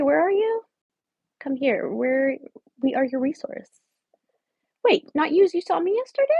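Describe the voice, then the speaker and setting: A woman's voice: fairly high pitch, a little mellow, breathy edge, no room sound, dull audio. A woman playing a scheming homeless woman in her late twenties who wheedles her live chat for a place to stay, shifting into sudden whispers. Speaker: comedic livestream host. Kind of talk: improvised parody livestream.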